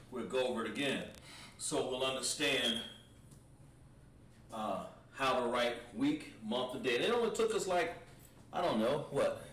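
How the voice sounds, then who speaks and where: A man teaching a livestreamed Hebrew language class, slowly drilling words with lots of repetition. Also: medium pitch, fairly bright tone. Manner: slow, repetitive, drawn-out pronunciation drills. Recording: roomy echo, distant mic, faint background noise.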